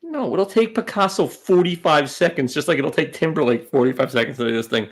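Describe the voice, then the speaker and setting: A man's voice: a little high, animated, brisk, breathy edge. A man co-hosting a podcast, reacting and joking in casual chat. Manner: chimes in with short reactions and quips. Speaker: podcast co-host.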